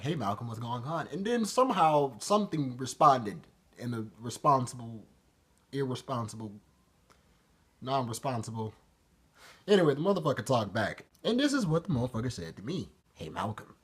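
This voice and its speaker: A man's voice: medium pitch, slightly rough. A man talking to camera in a rambling, profane vlog monologue that keeps interrupting itself. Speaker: vlogger.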